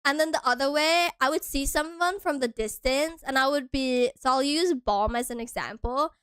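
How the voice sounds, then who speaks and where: A young woman from Hawaii chats with her stream in a bubbly, giggly way that keeps tipping into squeals. Her voice sits high and sparkles with a bright, forward tone. The recording is dry and close, with no room sound. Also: normal speed, dry recording. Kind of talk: casual stream chat.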